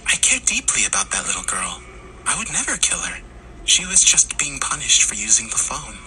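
A man doing a calm, creepy killer. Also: mid-range voice, normal speed, faint music behind, voice pushed up, heavily acted, low-quality recording. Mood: smug. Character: calm sinister male killer.

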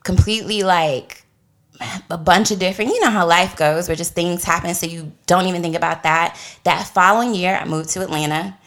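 A young woman telling a personal story in casual chat, animated and acting out what others said. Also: a little fast. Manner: animated, acts out quoted voices with big pitch jumps.

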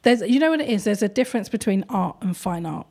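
A woman who runs an art gallery, talking in a thoughtful, hesitant way with many pauses and ums. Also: mid-range voice, expressive, a little mellow, husky. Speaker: gallery owner. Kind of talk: casual conversation.

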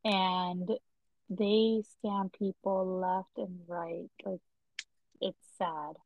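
A woman co-hosting a podcast chats casually at a slow, unhurried pace. She laughs easily and acts out the voices of the people in her stories. The recording is dry and close, with no room sound. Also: lowish voice, flat delivery, no room sound, narrow, tinny audio. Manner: chatty, laughs often, acts out quoted voices. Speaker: podcast co-host.

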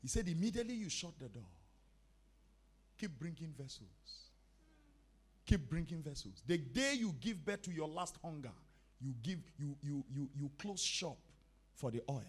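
Emphatic male preacher, fairly high voice. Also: very animated, moderate pace, pauses often, slightly rough. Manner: emphatic and repetitive, hammering key words; storytelling with acted-out dialogue. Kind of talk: sermon.

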